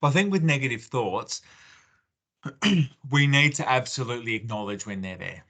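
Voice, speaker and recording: Australian man with a bright voice. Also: mid-range voice, lively intonation, normal speed. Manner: conversational, acts out parent-child exchanges with many fillers and restarts. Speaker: parenting speaker. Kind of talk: webinar talk.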